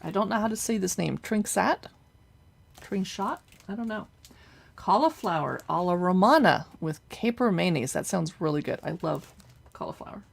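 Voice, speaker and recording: A woman hosting a casual live cookbook look-through, chatty and reading recipe names aloud with quick reactions. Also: medium pitch, vocal fry. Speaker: cookbook reviewer livestreaming.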